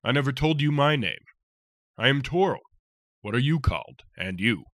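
A man voicing a huge, jovial male warrior captain with boisterous, rough soldier talk. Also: medium pitch, very animated, moderate pace, fairly bright tone, no echo, pitched above the performer's own voice. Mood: friendly.

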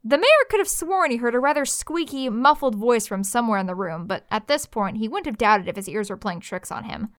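A woman narrating a fantasy story in a lively, expressive reading. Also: a little high, a little fast, few pauses, no room sound, studio quality.

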